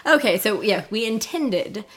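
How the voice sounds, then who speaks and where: A woman co-hosting a film podcast, chatting casually with quick joking asides. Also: medium pitch, lively intonation, noisy background. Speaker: podcast co-host. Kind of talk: casual chat about movies.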